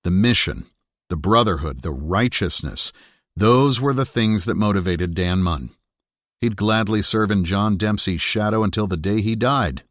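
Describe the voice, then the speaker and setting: Deep-voiced man reading a thriller. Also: no room sound, studio quality. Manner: steady, measured thriller reading. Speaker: audiobook narrator. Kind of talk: scripted narration.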